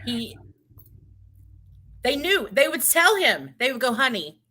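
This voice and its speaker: A middle-aged woman co-hosting a podcast, telling stories in a relaxed, unhurried way with frequent restarts. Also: sits high. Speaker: podcast co-host. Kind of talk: casual chat.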